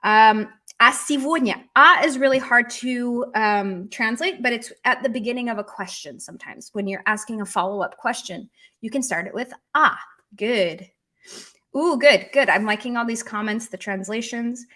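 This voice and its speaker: American woman teaching a live stream class, slightly high voice, rambly, lots of ums and likes. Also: normal speed, pushed and bright. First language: English. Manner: chatty, thinks aloud, many fillers. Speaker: Russian teacher. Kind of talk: live-streamed language lesson.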